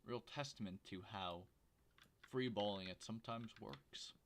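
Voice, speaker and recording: Low-voiced man rambling on a stream. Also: unhurried, slight background noise. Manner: rambling, joking, chatting to viewers. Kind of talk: casual livestream commentary while gaming. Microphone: home desk microphone, quiet.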